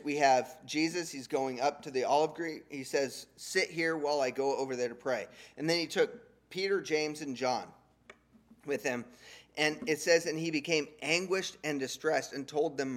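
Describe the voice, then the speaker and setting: Man preaching a casual, animated sermon. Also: a little high. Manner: conversational, animated paraphrasing of scripture in casual slang.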